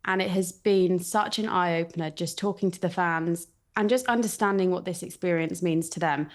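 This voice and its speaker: A woman talking football as a pundit, earnest and measured. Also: on the low side. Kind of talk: casual football chat.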